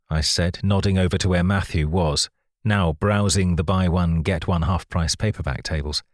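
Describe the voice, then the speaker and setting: A man narrates an audiobook in the first person. His voice sits very low and he reads in a measured, wry storytelling manner. The recording is dry and close, with no room sound. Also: fairly even intonation, no room sound.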